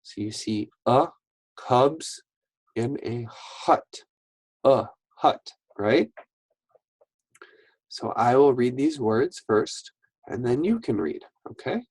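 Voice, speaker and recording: A man teaching a phonics lesson to young children, reading words slowly and patiently one at a time. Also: medium pitch, animated, darkish tone, husky, dry recording, low-quality recording.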